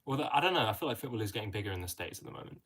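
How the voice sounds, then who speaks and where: A man's voice: fairly low pitch, expressive, very fast, a bit bright, husky. Young English guy chatting on a livestream. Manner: chatty, reads viewer comments aloud, friendly filler "mate". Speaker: livestream host answering chat. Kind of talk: casual live-stream chat.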